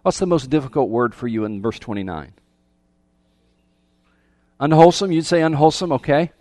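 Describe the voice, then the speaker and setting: A man's voice: on the high side, lively intonation, moderate pace, warm tone, no room sound, studio quality. A man preaching a sermon in a conversational way, asking his listeners questions and often repeating words as he goes. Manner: conversational, asks the audience questions. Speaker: pastor.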